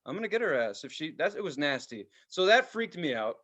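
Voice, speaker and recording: A man co-hosting a podcast in casual chat, telling profane, animated stories and mimicking voices. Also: a little high, fairly quick. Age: adult with a child. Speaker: podcast co-host.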